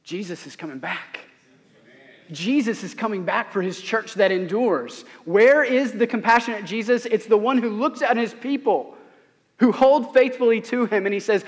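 A man with a high-pitched voice delivers a sermon from a church sanctuary. He speaks earnestly and with emphasis, asking rhetorical questions of his listeners. A long reverb hangs on every phrase. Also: normal speed. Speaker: pastor.

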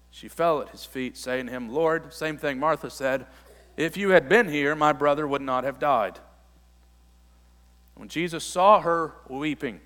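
Pastor preaching in a reverberant hall. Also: male voice, a little high, a bit bright. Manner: expository, reads scripture then explains, builds to emphatic peaks. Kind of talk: sermon.

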